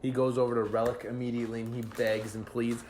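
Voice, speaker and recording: Brief: mid-pitched male game master, halting narration, faint background noise. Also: level tone, darkish tone. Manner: hesitant, filler-heavy narration.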